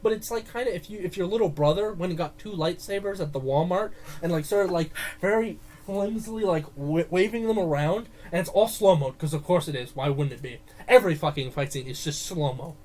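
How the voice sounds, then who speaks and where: A man co-hosting a casual movie podcast, ranting in an animated way and swearing often. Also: high voice, fairly quick, few pauses, slight background noise. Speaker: podcast co-host. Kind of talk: casual movie review chat.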